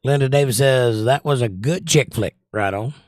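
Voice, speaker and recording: A Southern American man with a darkish, middle-pitched voice chats casually on a livestream at a moderate pace. He reads out his viewers' comments and answers confidently, recommending movies with strong opinions; the sound is dry and close, free of room echo.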